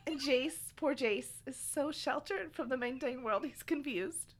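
A woman's voice: high voice, moderate pace, fairly bright tone. A woman co-hosting a casual podcast, recapping a book chapter in a chatty, giggly way. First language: Spanish not said; speaks Spanish at home. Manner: chatty storytelling recap, giggling between points. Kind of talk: casual chat.

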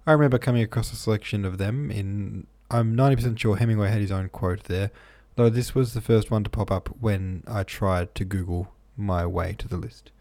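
Guy with a lowish voice doing a laid-back podcast, reading comments, hiccupy, lots of ums. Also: brisk, few pauses. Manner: relaxed, chatty, hesitant with ums. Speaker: podcast host. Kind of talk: casual podcast chat, reading listener comments.

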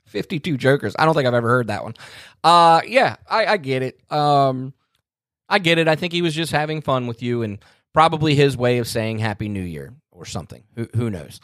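A man hosting a casual podcast chat, easygoing and quick to laugh. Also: mid-range voice, animated, a bit bright, no room sound, clean studio sound. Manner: easygoing, laid-back, laughs often. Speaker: podcast host.

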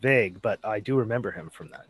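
A man co-hosting a podcast in casual chat, enthusiastic and quick to laugh. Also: fairly low pitch, husky, dry recording. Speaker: podcast co-host.

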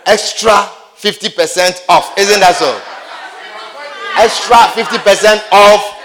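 A man with a high voice preaches a sermon in a church hall. He plays out little everyday scenes and hammers his points home by repeating them, and long reverb trails behind each phrase. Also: takes it slowly, a crowd in the background.

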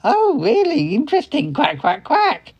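A high, bouncy quacking duck fellow, acted by a woman, gushing over everything and dropping quacks between his words. His voice swoops up and down in a lazy, unhurried sing-song. A comedy podcast sketch character, full of eager delight. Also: wildly swooping pitch, darkish tone, dull audio, exaggerated voice. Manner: gushing, sprinkles quacks through every line. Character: cheerful eager male talking duck.

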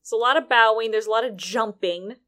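A woman's voice: on the high side, brisk, fairly bright tone. A woman co-hosting a casual podcast, making dry, wry complaints about a video game and laughing easily. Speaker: podcast co-host. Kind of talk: casual game-review chat.

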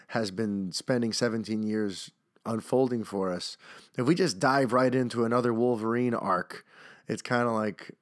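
A man's voice: medium pitch, no echo. A man in a loose, chatty podcast monologue, rambling and stumbling through restarts as he goes. His voice sits in a middle register, and it is recorded close on the mic with a dry, dead sound. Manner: rambling, chatty, self-interrupting with repeated starts. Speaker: podcast host.

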